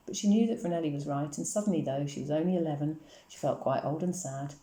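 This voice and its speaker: A woman reading a novel aloud in a measured, gently expressive way. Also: sits low. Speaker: audiobook reader. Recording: roomy echo.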